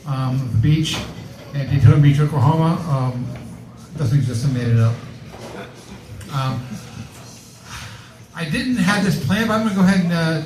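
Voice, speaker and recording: Halting stand-up comic man, high voice. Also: reverberant, slight background noise, poor audio. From Connecticut, USA. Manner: halting, filler-heavy delivery. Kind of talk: stand-up comedy set.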